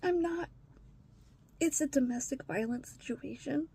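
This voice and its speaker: A woman talking in a confessional vlog as a stepmother, emotional, swinging between hushed whispers and raised, strained outbursts. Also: mid-range voice, normal speed, long pauses, husky.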